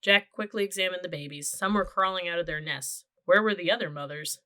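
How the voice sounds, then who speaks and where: A woman reading a children's chapter book aloud. Her voice sits a little low, with a bright, forward tone, and she tells the story in a steady, clear way. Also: fairly quick. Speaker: audiobook narrator. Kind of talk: children's audiobook narration.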